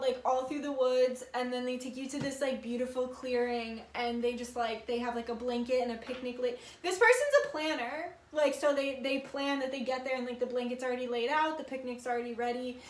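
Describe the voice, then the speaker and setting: Chatty high-voiced woman, echoey room. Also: fairly bright tone. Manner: chatty, swearing, many filler words. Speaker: tarot reader. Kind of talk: casual pick-a-card tarot reading.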